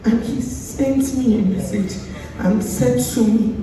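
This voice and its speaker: A woman's voice: a little high, slow pace. A Nigerian woman giving an earnest, pleading tribute speech, often quoting a friend. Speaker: speaker at a tribute event. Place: large event hall. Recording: echoey hall from far off, background noise.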